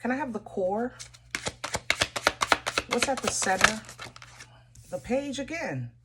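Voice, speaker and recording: A woman's voice: fairly high pitch, lively intonation, takes it slowly, very noisy. A woman giving a casual tarot reading, chatty and often searching for her words and repeating phrases. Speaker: tarot reader.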